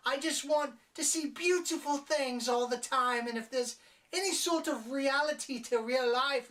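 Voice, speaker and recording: A woman's voice: sits high, a bit bright, distant mic, voice pushed up. A woman doing a whiny mocking impression of a mopey, sheltered, timid young woman.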